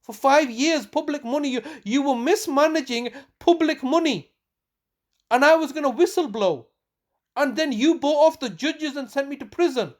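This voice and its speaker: A woman with a high voice presses an official on a recorded phone call. She sounds agitated and accusatory, hammering her points home with repeated words and restarts. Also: moderate pace. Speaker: family member confronting a council official.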